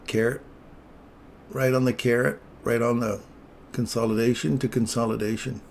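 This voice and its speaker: A man hosting a live trading stream, giving playful, teasing commentary with a gravelly voice. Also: medium pitch, normal speed, long pauses, slight background noise. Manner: playful, teasing, excitable calls.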